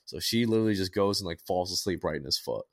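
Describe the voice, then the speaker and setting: A young adult man, co-hosting a podcast and telling a story in casual chat, profane and animated with many restarts. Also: low voice, fast talker. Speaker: podcast co-host.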